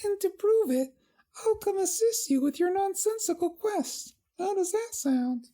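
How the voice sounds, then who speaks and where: A woman voicing a prim, exasperated young female pony princess in a comedic fanfiction reading, with a shrill, clipped delivery. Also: measured pace. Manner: shrill, clipped, deadpan retorts. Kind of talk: comedic fanfiction read-aloud.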